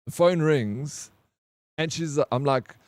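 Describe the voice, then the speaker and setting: A man streaming and telling a personal story in casual chat, animated and full of swearing and "bro". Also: on the high side, takes it slowly, dry recording, studio quality. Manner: animated, swears a lot, says "bro" constantly. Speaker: live streamer.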